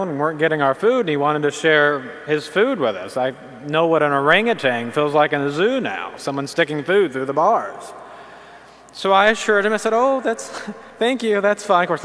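A man preaching to an audience, telling a funny story in a lively way and then turning to earnest teaching. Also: a little high. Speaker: Catholic preacher. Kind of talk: humorous sermon to an audience. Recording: long hall reverb.

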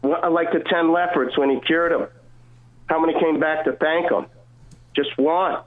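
A man's voice: fairly high pitch, steady tone, unhurried. A man earnestly telling a personal faith story as a caller, heard over a phone line. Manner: earnest, emotional retelling with quoted dialogue. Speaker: caller sharing testimony. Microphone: phone call.

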